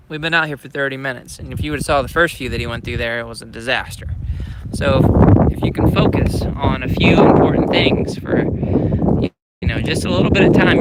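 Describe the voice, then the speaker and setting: A man coaching a rider at an outdoor motocross track, giving blunt, urgent instructions and cheering loudly, recorded on a handheld phone. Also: mid-range voice, very noisy. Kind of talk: live-streamed riding coaching. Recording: loud motorcycle engines outdoors on phone.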